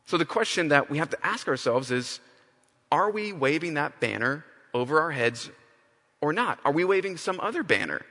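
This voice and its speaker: A man's voice: fairly high pitch, very animated, moderate pace, bright, forceful tone. A man preaching a sermon, emphatic, often restarting and repeating phrases. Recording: long hall reverb.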